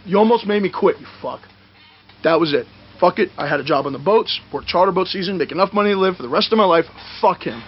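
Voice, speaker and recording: A man telling stories from his wrestling days in a profane, animated shoot interview, acting out the moves as he talks. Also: high voice, fast talker, husky, muffled recording. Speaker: retired pro wrestler interviewed.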